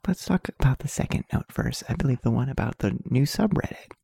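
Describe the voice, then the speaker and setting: A man co-hosts a comedy podcast in a mock-ASMR hush, whispering and giggling through jokes. His voice is gravelly and husky, and the sound is dry and close. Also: medium pitch, lively intonation, a little fast, no room sound. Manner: hushed whispering, giggly, joking. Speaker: podcast co-host.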